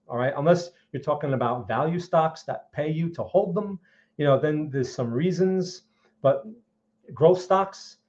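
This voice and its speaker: A man with a New York accent hosting a live market stream, blunt and opinionated, talking straight to his viewers. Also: on the high side. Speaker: market analysis streamer host. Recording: dull lo-fi stream audio.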